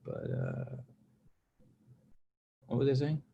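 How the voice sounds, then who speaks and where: A man rambling in a relaxed, casual way as he answers his livestream chat. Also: rumbling low, slow, gravelly, lo-fi sound, a little hiss or hum. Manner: rambling, relaxed, with many fillers and restarts.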